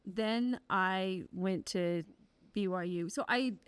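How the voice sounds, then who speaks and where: A woman's voice: medium pitch, takes it slowly, clear, resonant tone, dry recording. A woman guest on an interview podcast, telling personal stories candidly and with wry humor. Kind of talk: casual conversational interview.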